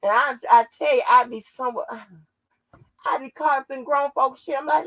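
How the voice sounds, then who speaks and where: A woman's voice: high voice, fairly even intonation, normal speed, fairly bright tone, dry recording, low-quality recording. A woman hosting her own channel, chatting casually and profanely on a livestream, laughing often as she tells stories. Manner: salty, laughing, profane storytelling. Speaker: channel host.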